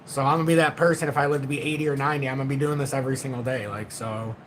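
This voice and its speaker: Speaking in a deliberately low, calm voice, a middle-aged man hosts a casual livestream from home and reads out viewer comments. The recording is low quality, with slight background noise.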